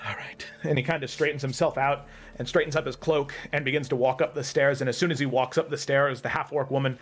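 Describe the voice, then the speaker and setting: Guy running a tabletop game, mid pitch, rambly with lots of ums, faint music behind. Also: steady tone, fast talker. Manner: meandering, many ums and restarts. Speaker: game master.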